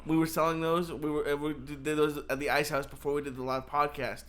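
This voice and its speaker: Easygoing man, slightly high voice. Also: flat delivery, brisk, a bit bright. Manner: laughs easily, plugs shows and sponsors. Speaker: podcast co-host. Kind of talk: casual podcast chat.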